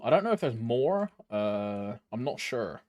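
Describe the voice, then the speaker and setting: A man's voice: mid-range voice, big pitch swings, a little slow, a little mellow, dry recording. A young man streaming a game, chatting casually in a rambling way, laughing often and calling his viewers bro. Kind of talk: casual chat while gaming.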